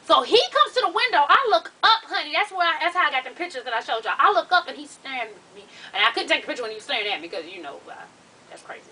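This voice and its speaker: A woman vlogger telling a story to her viewers in casual, profane talk, animated and laughing as she goes. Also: high-pitched. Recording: distant mic with faint hiss.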